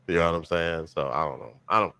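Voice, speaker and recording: A man co-hosting a podcast in casual chat, rambling and animated, with many restarts and slang. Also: low voice, quick pace, vocal fry, clear, resonant tone, no echo. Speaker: podcast co-host.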